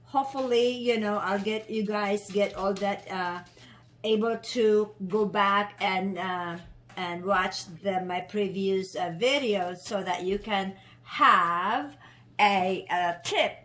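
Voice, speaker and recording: A woman's voice: mid-range voice, slow pace, fairly bright tone. A Filipino woman vlogging casually while eating dinner, chatty and full of fillers, mixing English and Tagalog. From Philippines. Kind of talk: casual vlog chat.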